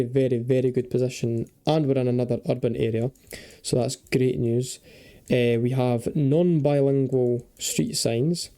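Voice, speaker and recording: Man, young adult, deep dark tone, casual game commentary, thinks out loud. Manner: chatty, thinks aloud, swears and jokes freely. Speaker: gaming video creator.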